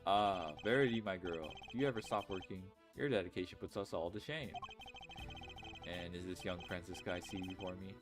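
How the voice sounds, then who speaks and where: Over game music, a man with a low, brisk, close-to-everyday voice plays Excelsius Winter, a teary old uncle, in a fan voice-over of a game. The character is a genial elderly man, sentimental, theatrical and fatherly, and he sounds grandfatherly, teary and avuncular.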